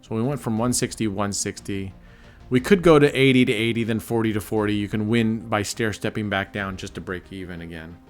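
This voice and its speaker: A man hosting live casino gameplay commentary, excitable and cursing, grumbling at the dealer as he works out his bets. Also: fairly low pitch, a little fast, faint music behind. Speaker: channel host.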